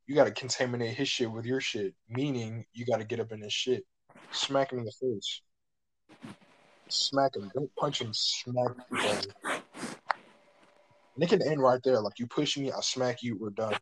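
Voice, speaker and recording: A young man talking loosely and profanely in a casual chat. He rambles through his stories with lots of slang, and his voice sits at an ordinary middle pitch. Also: moderate pace, long pauses, slight background noise, poor audio.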